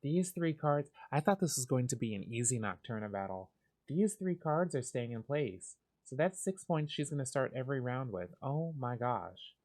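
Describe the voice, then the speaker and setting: A man giving calm, soft, unhurried commentary as he plays a cozy game for sleepy listeners. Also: medium pitch. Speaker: gaming channel host.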